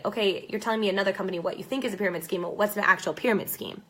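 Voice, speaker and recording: A woman's voice: medium pitch, racing, few pauses, a bit bright. A young woman coaching direct sellers in a fired-up, blunt and sarcastic motivational talk.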